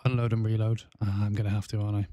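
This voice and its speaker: Low, flat-voiced South Welsh man. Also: racing, no echo. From South Wales. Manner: chatty, rambling, with frequent fillers and restarts. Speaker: gaming streamer. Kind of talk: casual livestream chat while gaming.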